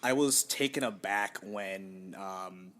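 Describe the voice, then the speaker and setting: Chatty young man with a lowish voice. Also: a bit bright. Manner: chatty and self-deprecating, quick to laugh. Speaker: podcast co-host. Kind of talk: casual chat.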